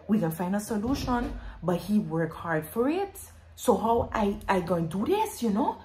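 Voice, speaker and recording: A woman's voice: medium pitch, very animated, normal speed, few pauses, dark tone, slight background noise. A woman telling an emotional story in her vlog. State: pregnant. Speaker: vlogger.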